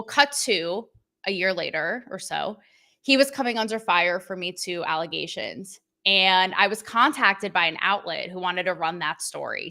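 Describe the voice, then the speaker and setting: A woman's voice: mid-range voice, pushed and bright. A woman hosting a livestream show, talking bluntly and sarcastically to her chat. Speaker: show host.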